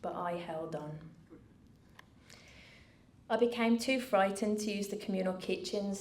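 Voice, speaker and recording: A middle-aged woman giving a personal speech from a stage, earnest and measured with dry asides. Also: lowish voice, darkish tone. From United Kingdom. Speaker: founder giving a keynote speech. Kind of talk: personal story told from a stage. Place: event venue with a live audience. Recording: roomy venue, faint background noise.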